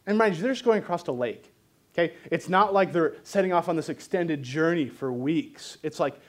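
Higher-voiced man preaching with humor. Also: normal speed. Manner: animated, joking preaching style. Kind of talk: sermon.

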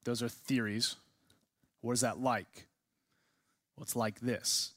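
A man's voice: medium pitch, flat delivery, takes it slowly, a bit bright, no room sound. Man teaching a class, dry sound. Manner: asks the class many questions. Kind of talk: classroom lecture.

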